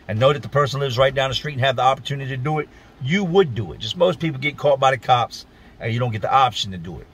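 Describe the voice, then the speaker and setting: Guy from virginia telling his story straight, blunt and cussing, mid-pitched voice. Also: fairly bright tone, husky. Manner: blunt, emphatic, profane storytelling. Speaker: vlogger telling a personal story. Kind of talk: casual storytelling vlog.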